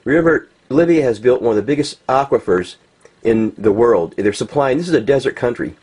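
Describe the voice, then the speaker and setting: Husky agitated American man ranting. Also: medium pitch, lively intonation, moderate pace, a little mellow. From United States. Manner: agitated, ranting, many restarts and fillers, swears. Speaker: vlogger. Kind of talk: unscripted commentary over pictures.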